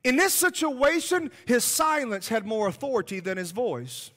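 A man preaching at a revival, fervent and insistent, stacking phrases for emphasis. His high, bright voice swings up and down with energy. The sound rings with a long reverb from a large church hall. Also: very animated, normal speed. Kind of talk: revival sermon. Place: church sanctuary.

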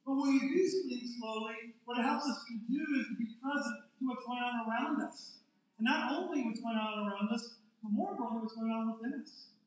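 A man's voice: very high-pitched, a little fast. An older man, a pastor, giving a conversational, joking sermon and drawing his congregation in. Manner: joking, chatty, draws in the congregation. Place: church sanctuary. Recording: very echoey hall, mic at a distance.

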